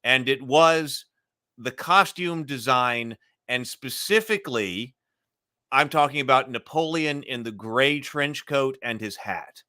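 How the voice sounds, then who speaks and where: A man talks through a film in a loose, rambling way, often backing up to restart a thought. His voice is bright and forceful, pitched about average for a man. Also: expressive, slow. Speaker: podcast host. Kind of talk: casual discussion.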